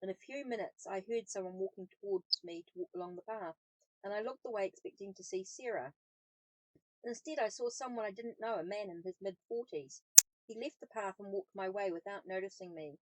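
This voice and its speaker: A woman hosting her channel, reading a novel aloud in a calm, steady storytelling manner. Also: mid-range voice, brisk, slight background noise, poor audio. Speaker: host and book reader.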